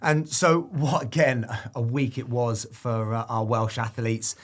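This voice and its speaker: A man hosts a sports podcast, asking questions, closing the interview and recapping results in an upbeat, brisk way. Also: mid-range voice. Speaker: podcast host.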